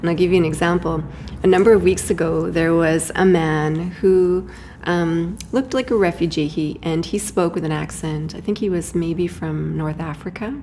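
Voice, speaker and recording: Low-voiced woman, hesitant interview guest. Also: normal speed, hardly any pauses, dark tone, a little hiss or hum. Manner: hesitant, many fillers and restarts, laughs often. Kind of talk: reflective conversational interview.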